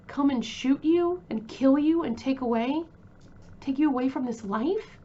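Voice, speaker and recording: True crime host: woman, chatty and emotional, fairly high voice, dull lo-fi sound. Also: a little slow, mellow. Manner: chatty, emotional, many fillers and restarts.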